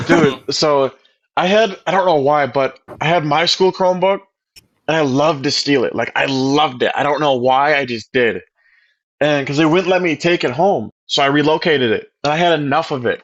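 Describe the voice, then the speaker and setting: A man's voice: medium pitch, fairly bright tone, no room sound. A young man telling school stories in a casual chat, laughing often and swearing freely. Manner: laughing storyteller, swears a lot. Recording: dull lo-fi sound.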